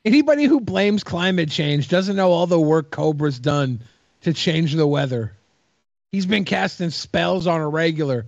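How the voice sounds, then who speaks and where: High voiced guy cohosting, cracking jokes, kinda dull lo-fi sound. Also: lively intonation, normal speed, no room sound. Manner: wisecracking, riffing on clips. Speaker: podcast co-host. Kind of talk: casual commentary. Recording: dull, slightly lo-fi dry sound.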